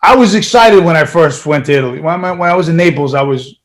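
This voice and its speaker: A man's voice: a little high, fast. A man from New York, a guest musician, telling stories in a casual interview with frequent swearing. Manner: profane, animated storyteller.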